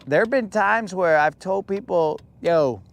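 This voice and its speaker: A young man from New Mexico chats while fishing from a boat out on a lake, in a slightly higher register. He tells stories in a loose, joking way and stretches some lines out for fun. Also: creaky. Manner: laid-back, jokey, drawn-out playful lines. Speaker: fishing vlogger. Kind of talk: casual storytelling while bass fishing.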